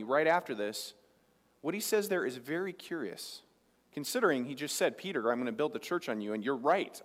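Man, pastor, conversational sermon, lively pitch, long hall reverb. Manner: conversational preaching, animated, asks the congregation questions.

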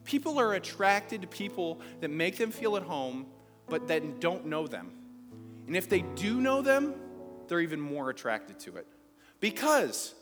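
A man with a fairly high voice preaches a conversational sermon in a church sanctuary. His delivery swings from easy asides up to emphatic, rising calls to the congregation. Long reverb from the hall carries his voice, with faint guitar underneath. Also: big pitch swings, a little slow. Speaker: pastor.

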